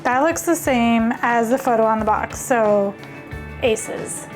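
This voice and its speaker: Faint music plays as a woman with a slightly high voice speaks slowly in her home kitchen. Hosting a casual cooking vlog, she stays enthusiastic and talkative, thinking aloud as she cooks.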